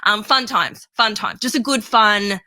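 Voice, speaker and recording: A woman with an Australian accent co-hosting a podcast, chatting casually and gushing about books with quick laughs. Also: mid-range voice, bright, forceful tone. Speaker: podcast co-host. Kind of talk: casual chat.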